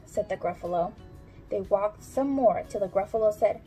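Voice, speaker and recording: A woman's voice: mid-range voice, lively intonation, normal speed, mellow, faint music behind, rough recording. A preschool teacher reading a picture book aloud to children, exclaiming with big leaps in her voice. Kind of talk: storybook read-aloud for children.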